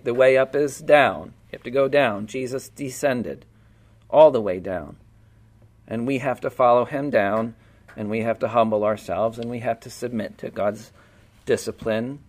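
A man giving a sermon in a conversational way, often checking in with the congregation. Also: mid-range voice. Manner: conversational, asks the room questions. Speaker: pastor.

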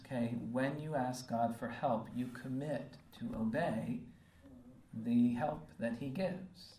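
A man's voice: mid-range voice, slow, dark tone, slight background noise. Guy preaching a sermon, earnest, keeps saying okay, mic far off in an echoey room. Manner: earnest, repeats phrases, frequent "okay?" check-ins. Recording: roomy and distant from the mic.

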